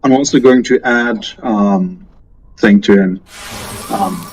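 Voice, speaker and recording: A man playing a tabletop game, speaking in character in a gentle, consoling way. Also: mid-range voice, slow pace, slight background noise, poor audio. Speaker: player. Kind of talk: in-character tabletop role-play.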